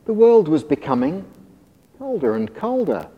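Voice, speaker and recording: A man reading a rhyming children's story aloud in an expressive, sing-song manner. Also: a little high, moderate pace, lo-fi sound. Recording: long hall reverb.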